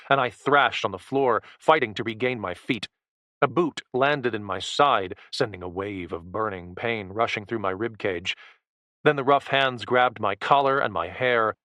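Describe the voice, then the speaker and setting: A man narrating a first-person action thriller audiobook with a low, tense, steady delivery. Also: no echo.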